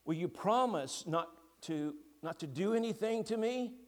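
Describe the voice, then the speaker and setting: A man's voice: sits high, lively intonation, unhurried, a little mellow, pitched above the performer's own voice. A man voicing a frightened, thirsty young girl in a storybook reading during a sermon, hesitant and pleading.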